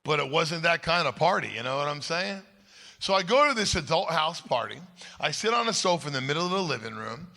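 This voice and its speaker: A man's voice: fairly high pitch, gravelly, bright, forceful tone. A man speaking at a church conference, telling his own story in an emphatic, conversational way and often checking in with the crowd. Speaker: guest speaker. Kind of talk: personal story told from a stage. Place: large hall at a church conference. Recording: long reverb of a large hall.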